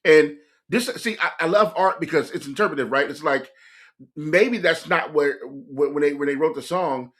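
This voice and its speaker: A man hosting a music reaction video, talking straight to his viewers in an excitable, laughing way. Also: fairly high pitch, moderate pace. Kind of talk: casual reaction commentary.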